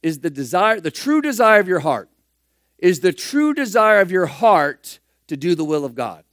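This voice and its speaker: A man preaching a sermon, firing rhetorical questions and swinging between loud emphatic bursts and hushed asides. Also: high voice, very animated, normal speed, no room sound, clean studio sound.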